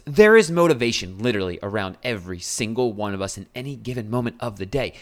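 A man's voice: lowish voice, lively intonation, a little fast. A man hosting a solo podcast as a health coach, talking bluntly and casually with swearing and fillers.

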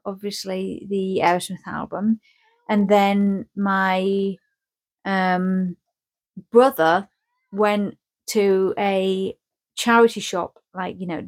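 Woman co-host, chatty and rambling, average pitch. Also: flat delivery, slow pace. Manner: rambling, jokey, acts out scenes. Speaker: podcast co-host. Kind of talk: casual chat.

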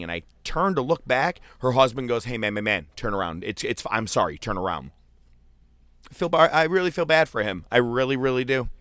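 A man telling a profane, animated story in casual chat, acting out the voices of the people in it. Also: mid-range voice, a little fast, no echo, clean studio sound. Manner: profane, animated, acts out quotes.

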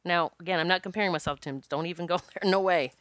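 Woman, casual monologue, laughs often, smooth clear voice, dry room. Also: fairly low pitch, fast talker, a bit bright, no echo. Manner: candid, laughs often, swears freely.

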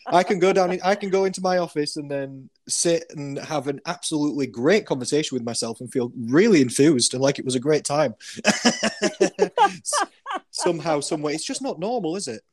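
Yorkshire man hosting a casual podcast chat; upbeat, chatty, quick to laugh. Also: on the high side, big pitch swings. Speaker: podcast host.

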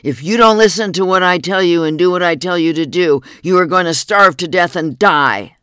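A man's voice: high-pitched, moderate pace, clean tone, no echo, clean studio sound, pitched above the performer's own voice. Furious screaming doctor, put on by a male narrator, harsh and raised well above his own voice. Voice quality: shouting, harsh.

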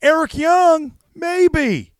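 A shrill, ranting older wrestling promoter, put on by a man, barking his verdicts high and hard. The voice swings widely and sits close and dry on the mic. It has nothing of room sound about it. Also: lively intonation, extremely slow, no echo, exaggerated voice. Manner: shouting, high-pitched and emphatic.

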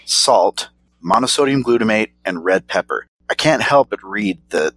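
A man's voice: lowish voice, animated, normal speed, fairly bright tone, faint music behind. A man co-hosting a casual snack-review chat, laughing often and trailing off mid-sentence. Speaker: podcast co-host reviewing snacks.

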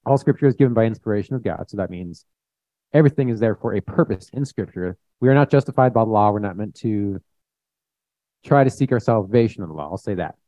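Young male preacher, plain-spoken and conversational, mellow tone, dull lo-fi sound. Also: on the low side, animated, fast talker, no echo. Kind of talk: informal sermon with scripture reading. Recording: dull, muffled recording.

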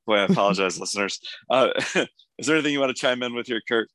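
A man with a hoarse voice hosting a podcast, chatting enthusiastically about an episode with many restarts. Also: mid-range voice, fast talker, fairly bright tone, no echo. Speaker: podcast host. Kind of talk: casual episode discussion.

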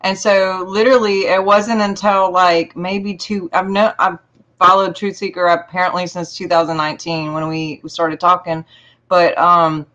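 A woman's voice: fairly low pitch, a bit bright. A woman hosting a casual panel chat, effusive and emotional, rambling as she talks. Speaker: show host.

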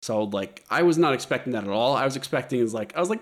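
A man's voice: mid-range voice, expressive, fast. A man co-hosting a podcast, explaining a topic in casual chat, earnest, stumbling over repeated words. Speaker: podcast co-host presenting the topic.

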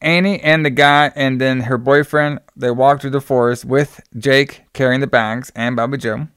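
A man's voice: mid-range voice, fairly even intonation, moderate pace, fairly bright tone, smooth, no echo, studio quality. A man casually recapping a horror movie with a co-host, rambling with lots of fillers and swearing.

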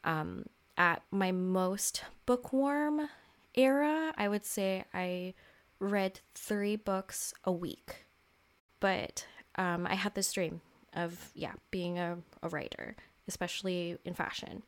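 A woman's voice: on the low side, takes it slowly. A young adult woman hosting a solo podcast, talking casually and openly about her feelings, with lots of "like" and "um.". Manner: casual and candid, heavy use of "like" and "um". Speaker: podcast host. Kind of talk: reflective solo podcast talk.

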